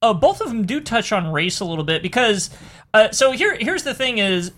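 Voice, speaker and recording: Bright, sharp-sounding co-host from the states, rambling recap w/ lots of uhs and restarts. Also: medium pitch, sing-song, moderate pace. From United States. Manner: rambling, with many restarts and fillers. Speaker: podcast co-host. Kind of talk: casual chat about a horror film.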